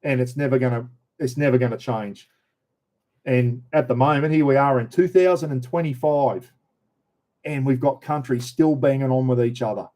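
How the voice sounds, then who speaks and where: A man's voice: mid-range voice, moderate pace, warm tone. A middle-aged Australian man chatting casually on a live stream, telling rambling stories with many restarts. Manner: rambling, anecdotal, frequent restarts.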